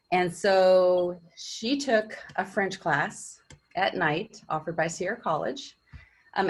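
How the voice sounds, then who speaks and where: A middle-aged woman teacher giving her class an earnest, encouraging pep talk through a personal story. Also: lowish voice. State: teary.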